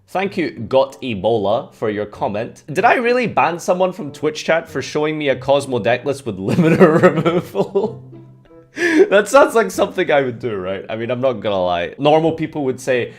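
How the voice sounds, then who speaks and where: Man, casual commentary host, sarcastic, self-mocking, lively pitch, faint music behind. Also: normal speed. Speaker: YouTube host.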